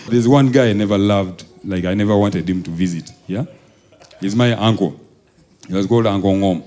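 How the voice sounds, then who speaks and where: A man's voice: measured pace, long pauses, dark tone. A man from Uganda doing stand-up, telling stories about his school days and acting out the voices of the people in them. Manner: acts out quoted voices, jumping high and dropping low. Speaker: stand-up comedian. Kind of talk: stand-up storytelling. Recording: live show with audience laughter.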